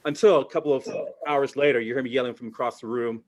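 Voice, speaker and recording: A man's voice: mid-range voice, steady tone, fast. A man performing stand-up comedy over a video call, telling stories animatedly and jumping into character voices.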